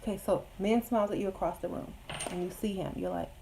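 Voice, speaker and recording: A woman's voice: mid-range voice, fast, noisy background. A woman casually giving blunt, sassy dating advice to viewers, with joking asides. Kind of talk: casual advice chat answering viewer questions.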